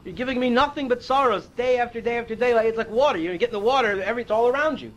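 A man's voice: extremely high pitch, racing, fairly bright tone, lo-fi sound. A man teaching a Torah class, reading Hebrew verses and explaining them in a casual, conversational way, sometimes losing his place.

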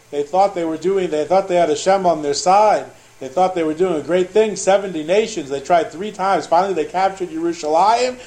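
A man with a slightly high voice teaches a Torah class. He moves between Hebrew verses and quick English translation, acting out the back-and-forth dialogue with lively energy. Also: poor audio. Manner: translates Hebrew phrase by phrase, animated retelling.

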